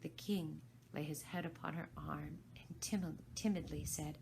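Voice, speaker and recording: A woman volunteer reading a storybook aloud in a gentle, unhurried way, sometimes dropping to soft whispers. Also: low-pitched, steady tone, a little hiss or hum. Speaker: volunteer reader. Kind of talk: storybook narration.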